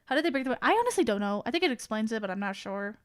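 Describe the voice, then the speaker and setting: Excitable young woman streamer. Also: on the high side, rapid-fire. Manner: excitable, rambling, swears freely. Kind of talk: casual chat.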